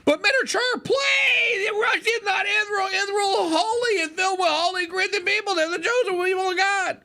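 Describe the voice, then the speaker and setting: A man voicing a sobbing male politician who pleads with a wailing, crying shout. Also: very high-pitched, moderate pace, voice pushed up, heavily acted. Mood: pleading.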